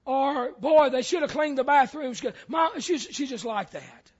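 Pastor, male, very high voice, storytelling sermon that swells to shouting, muffled lo-fi recording. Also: expressive, unhurried. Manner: storytelling preacher, repeats words, builds to shouts.

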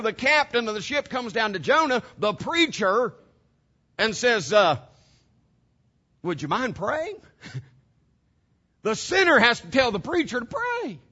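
A man's voice: sits high, bright, forceful tone, muffled recording. A man preaching a sermon to his congregation, emphatic and direct, throwing out rhetorical questions. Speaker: pastor.

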